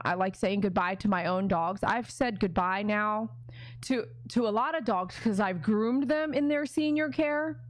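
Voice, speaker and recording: A woman's voice: mid-range voice, no room sound. Chatty woman groomer, dry close sound. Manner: rambling, chatty, given to asides. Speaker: dog groomer and channel host. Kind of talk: casual livestream chat.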